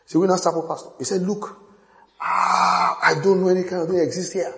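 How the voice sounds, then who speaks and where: A man preaching a sermon, telling stories with quoted dialogue and building to shouts. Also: high-pitched, steady tone, a little fast, vocal fry, a little hiss or hum. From Nigeria. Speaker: pastor. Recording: long hall reverb.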